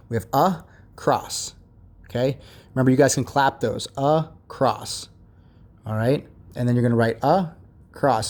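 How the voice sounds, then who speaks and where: A patient young man teaching a remote lesson, explaining each step slowly and checking in often. His voice sits at a moderate, everyday pitch. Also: a little mellow. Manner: patient, step-by-step, repeats "all right" and "okay". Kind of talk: recorded remote lesson walkthrough.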